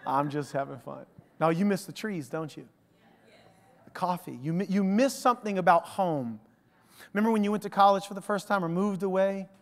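A man preaching a conversational sermon, swinging from loud emphasis to hushed, drawn-out words. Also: high-pitched, gravelly, in a large hall. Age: adult father of a young son. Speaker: pastor. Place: church sanctuary. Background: soft instrumental music.

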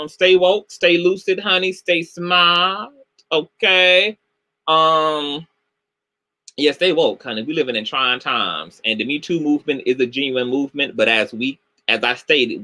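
A middle-aged man hosting a livestream commentary show, animated and sassy, swearing heavily and greeting viewers by name. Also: mid-range voice.

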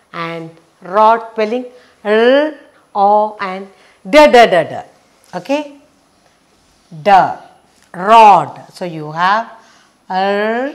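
A woman teaching a children's phonics lesson, sounding out letters slowly and repeating each one. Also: medium pitch.

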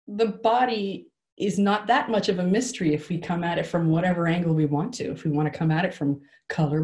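A woman co-hosting a group session over a video call, chatting in an animated, rambling way with laughs and self-corrections. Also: low-pitched. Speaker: co-host leading the session. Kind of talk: casual chat on a video call.

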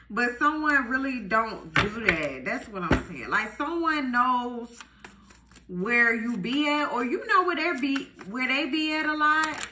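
Woman, tarot reader, chatty, animated, fairly high voice, echoey room. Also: unhurried, slight background noise. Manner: chatty, animated, full of fillers like "like" and "y'all". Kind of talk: casual tarot reading to viewers.

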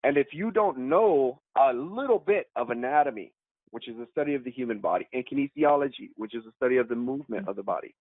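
A man, an actor guest on a podcast, telling a story in an animated, slangy way and calling people "man", "dude" and "bro". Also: mid-range voice, fast talker, dry recording. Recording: tinny phone-like remote call line, dry.

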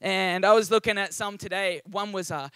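A man's voice: high-pitched, fairly even intonation, moderate pace, a bit bright, smooth, no echo. Upbeat Australian man preaching. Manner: chatty and upbeat, with frequent ums and asides. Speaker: guest preacher. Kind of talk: sermon. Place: church service.

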